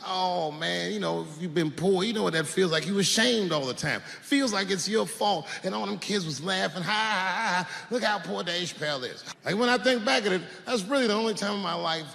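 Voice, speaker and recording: A man performing stand-up comedy on a large theater stage, storytelling with sudden swings between low mutters and loud outbursts. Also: fairly quick, creaky, few pauses, long reverb tail.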